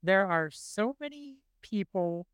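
A man in his forties talks in relaxed podcast chat, his fairly high voice carrying a smooth, resonant tone. He gets animated and slips into funny voices to quote cartoon lines. The sound is dry and close. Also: slow pace, dry recording. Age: 40s. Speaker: podcast co-host. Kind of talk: casual chat.

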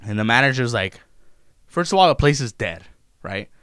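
A young man tells a story in a loud, profane, animated way. His voice is smooth and clear. It sounds close and dry, with no room around it. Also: mid-range voice, normal speed, dry recording. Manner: profane, animated retelling of customer-service run-ins. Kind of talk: casual storytelling chat.

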